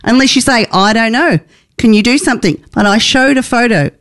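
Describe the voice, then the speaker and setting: A woman's voice: a little high, a little fast, a bit bright. A woman co-hosting a radio show, chatting in wry, self-mocking banter. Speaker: radio co-host.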